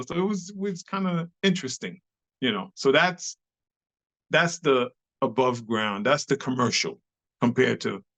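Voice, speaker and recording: Slangy New man telling stories. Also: fairly high pitch. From New York City. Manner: animated storyteller, slangy and profane, acts out quoted people. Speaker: guest, club dancer. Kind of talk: casual storytelling interview. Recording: slightly dull lo-fi recording.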